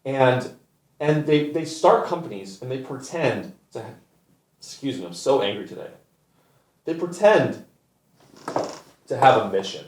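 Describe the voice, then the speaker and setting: A man's voice: medium pitch, lively intonation, moderate pace, pauses often, a little mellow. A man hosting a comedy show, delivering an exasperated, profane rant. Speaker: comedian host. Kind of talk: ranting comedic monologue. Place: studio. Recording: echoey new studio, botched audio.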